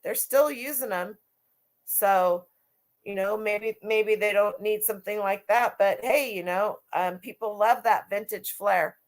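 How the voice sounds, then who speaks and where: A woman's voice: medium pitch, a little slow. A middle-aged woman who resells vintage clothing, chatting casually and rambling on a live stream with lots of restarts.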